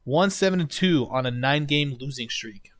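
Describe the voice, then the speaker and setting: A man's voice: mid-range voice, animated, normal speed, a bit bright, dry recording. A man hosting a casual sports podcast over a video call, reading team standings with slips and restarts. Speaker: podcast host.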